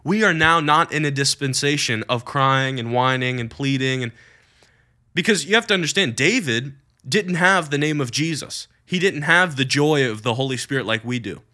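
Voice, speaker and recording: A man's voice: mid-range voice, moderate pace, bright, forceful tone. A man preaching earnestly to young people about prayer, with emphatic bursts. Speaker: youth preacher. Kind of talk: teaching on prayer.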